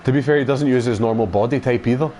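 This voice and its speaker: A man's voice: mid-range voice, fast, warm tone, a little hiss or hum. A man with a Scottish accent hosting a gaming channel, chatting casually and rambling in sweary banter while he plays a racing game.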